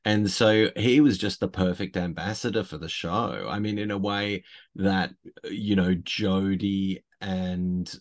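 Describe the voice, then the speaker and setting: Low-voiced man chatting enthusiastically. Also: fairly even intonation, measured pace. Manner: enthusiastic, rambling with restarts. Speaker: podcast co-host. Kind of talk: casual chat.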